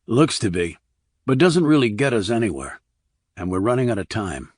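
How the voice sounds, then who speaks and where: Brief: a man playing a blunt, confident military investigator, low and level, dry close mic. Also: very animated, moderate pace, dry recording. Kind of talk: audiobook character reading.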